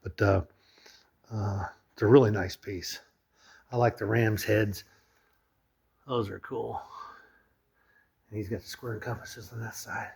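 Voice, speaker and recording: Chatty vlogger, male, fairly low husky voice, loose rambling walkthrough on a handheld camera mic. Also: steady tone, unhurried, long pauses, a little mellow. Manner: rambling, chatty, with many fillers. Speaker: vlogger touring a lodge. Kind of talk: casual walkthrough narration. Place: indoors in a lodge room.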